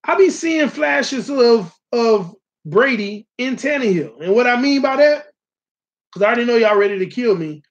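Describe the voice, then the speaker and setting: A man's voice: very high-pitched, lively intonation, normal speed, dull audio. A man hosting a casual live-stream sports talk show, talking animatedly and straight to his viewers. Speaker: sports channel host.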